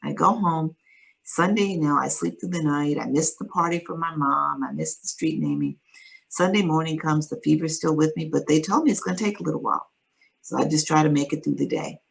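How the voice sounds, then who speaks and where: A woman, a guest in an interview, calmly and reflectively retelling a personal story. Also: deep voice, brisk, gravelly, slightly rough, rough recording.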